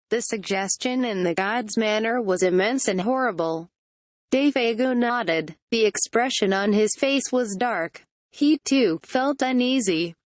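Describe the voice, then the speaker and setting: A text-to-speech female voice narrating a horror audiobook with a flat synthetic reading. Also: medium pitch, no echo.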